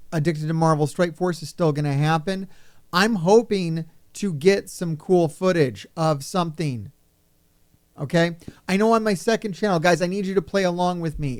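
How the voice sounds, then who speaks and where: Gaming YouTuber, male, slightly high and smooth voice, rambling and profane, unscripted vlog delivery. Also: a little mellow. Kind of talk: off-the-cuff vlog chat.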